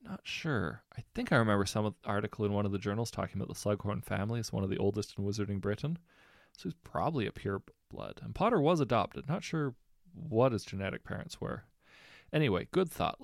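A man voicing a worried middle-aged scientist who speaks carefully and wearily, with a low, gravelly voice. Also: no echo, clean studio sound. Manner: careful, weary.

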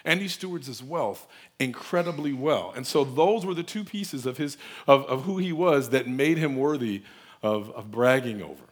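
A man's voice: mid-range voice, expressive, normal speed, slightly rough. Earnest man preaching off the cuff. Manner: earnest, emphatic, speaking off the cuff. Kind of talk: conversational sermon.

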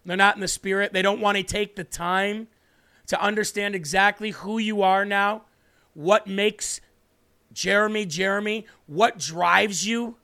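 A man's voice: high voice, a little slow, pushed and bright. A man hosting a Christian talk show, speaking to viewers with emphatic, preachy conviction and answering their comments. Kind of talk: impassioned faith talk to viewers.

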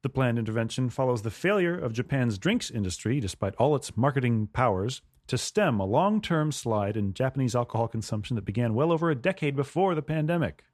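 A man's voice: medium pitch, lively intonation, fairly quick, few pauses, a little mellow, dry recording, clean studio sound. A man co-hosting a comedy podcast, reading a news story aloud and breaking off for wry jokes. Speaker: podcast co-host.

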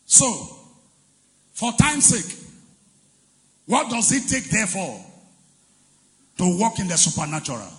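A man preaching a sermon as pastor, leading the congregation in call-and-response and shouting and chanting his key phrases. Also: high voice, sing-song, slow, pauses often, in a large hall. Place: large church hall.

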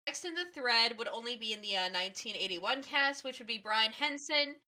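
A woman co-hosting a podcast in casual chat, joking in a playful, deadpan way. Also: on the high side, a little fast. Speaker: podcast co-host.

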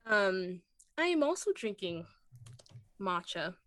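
A woman's voice: mid-range voice, big pitch swings, slow pace, a bit bright, no room sound. A woman co-hosting a podcast in casual chat, rambling with fillers. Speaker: podcast co-host.

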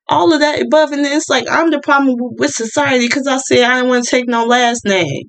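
A woman's voice: a little high, moderate pace, creaky, rough recording. Woman going off on a topic, lots of ums and likes, opinionated, half deaf. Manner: chatty, opinionated, many fillers and restarts. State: partly deaf. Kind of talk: casual monologue.

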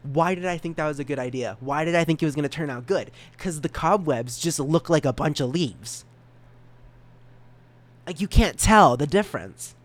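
A man in his twenties hosting a solo podcast, rambling in a self-mocking way and often stumbling over and repeating words. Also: moderate pace. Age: 20s. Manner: animated jumps in pitch and volume. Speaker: podcast host.

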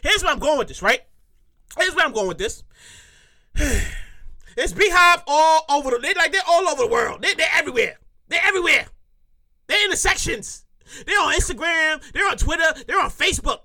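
A woman performing a comic monologue from her own script, animated, repeating lines for emphasis and laughing at her own jokes. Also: sits high, fairly quick, long pauses. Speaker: comedic monologuist.

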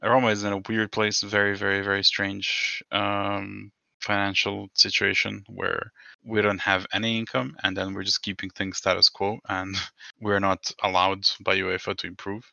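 Gravelly low-voiced man chatting. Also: completely flat delivery, normal speed, pushed and bright, no echo, muffled recording. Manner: rambling, sweary, laughs often. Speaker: podcast co-host. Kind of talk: casual chat.

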